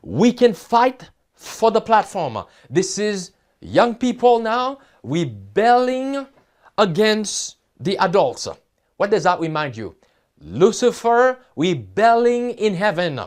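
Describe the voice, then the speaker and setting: A man's voice: sits high, sing-song, slow pace. A man preaching a sermon, reading headlines and scripture quotes aloud and asking his listeners questions. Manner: emphatic, asks the audience questions. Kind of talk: sermon reading news and prophecy.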